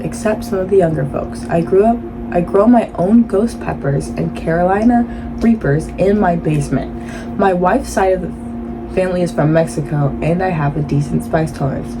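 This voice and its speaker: A woman's voice: fairly low pitch, moderate pace. A woman casually reading online posts aloud as host, with playful, jokey asides. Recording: loud air-conditioning hum. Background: air conditioning noise.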